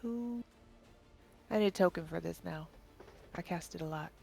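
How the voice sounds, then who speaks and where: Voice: medium pitch, normal speed, gravelly, dark tone, faint music behind. A player in a live-streamed tabletop game, playful and joking with laughing asides.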